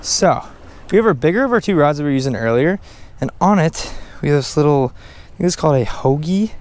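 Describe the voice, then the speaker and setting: A man filming a casual fishing vlog outdoors on a beach and jetty, talking in an excitable, slangy way and exclaiming often. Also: a little high, brisk, no echo. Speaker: fishing vlogger.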